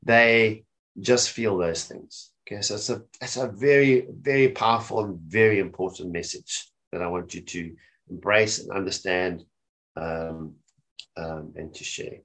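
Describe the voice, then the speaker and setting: A man's voice: sits low, measured pace, a bit bright. A man presenting a casual webinar on mental health, often checking in with his listeners by asking "okay?". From South Africa. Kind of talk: informal talk on mental health. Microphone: webinar microphone.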